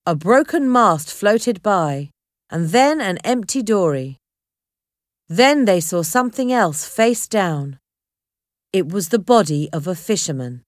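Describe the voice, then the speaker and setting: Brief: woman narrator reading an adventure chapter, unhurried and expressive, dry close mic. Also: medium pitch, dry recording. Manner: clear, measured reading of a graded reader. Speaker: audiobook narrator. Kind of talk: scripted storybook narration.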